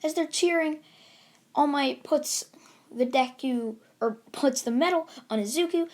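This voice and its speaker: A woman's voice: high voice, darkish tone. A woman casually narrating an anime fan story, rambling with many fillers. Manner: rambling, filler-heavy, giggly asides.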